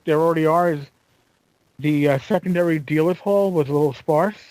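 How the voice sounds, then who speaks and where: A man's voice: a little high, dry recording, low-quality recording. A man co-hosting a podcast, telling stories in casual chat with lots of fillers and restarts. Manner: animated storyteller, halting with fillers. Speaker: podcast co-host.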